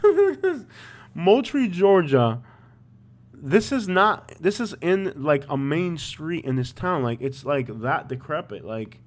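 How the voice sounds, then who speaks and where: A man hosting a live stream, chatting casually and rambling with lots of fillers. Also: a little high. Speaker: YouTube host.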